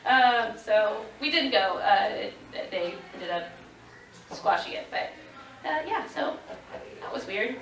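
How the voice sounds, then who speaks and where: Lady telling a funny story at a con panel, kinda high voice, echoey room with faint crowd noise. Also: slow, recorded from a distance. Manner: animated, laughing, acting out quotes. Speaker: convention panel guest. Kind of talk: storytelling to a live audience.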